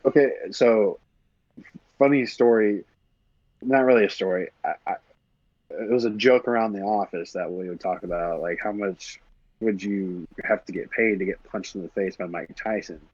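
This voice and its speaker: A man's voice: lowish voice, moderate pace, darkish tone, dry recording, highs cut off. A man co-hosting a sports podcast, chatting in a laid-back, joking way. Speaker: podcast co-host. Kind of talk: casual sports chat.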